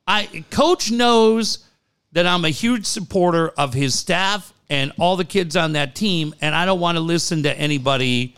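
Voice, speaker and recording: A man's voice: on the high side, unhurried, a bit bright, clean tone. A man co-hosting a podcast, telling stories in a casual chat, swearing freely and laughing as he goes. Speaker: podcast co-host.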